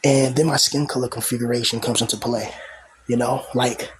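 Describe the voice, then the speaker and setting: A man's voice: medium pitch, fairly even intonation, moderate pace, husky, rough recording. A young man venting in a rambling casual monologue to camera, aggrieved, full of fillers and restarts. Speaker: vlogger.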